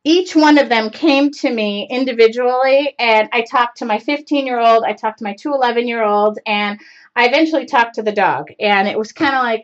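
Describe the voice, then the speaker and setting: Talking at a moderate pace in a fairly high pitch, a woman in her forties runs a live craft show in a loose, rambling style full of fillers. The casual live-stream chat is captured through a computer mic, giving it dull, lo-fi sound.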